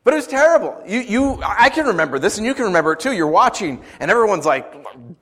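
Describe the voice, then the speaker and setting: A middle-aged man preaching a sermon in an animated, conversational way. His voice sits a little higher than most men's, and he moves between scripture reading and off-the-cuff asides. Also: fast, few pauses. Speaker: pastor.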